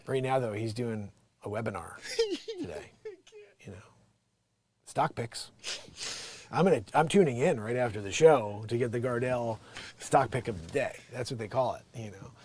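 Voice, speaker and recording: A man's voice: mid-range voice, big pitch swings, moderate pace, pauses often, a little mellow. A man hosting a comedy news show, rambling animatedly and laughing at his own bits. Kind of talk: casual comedic commentary.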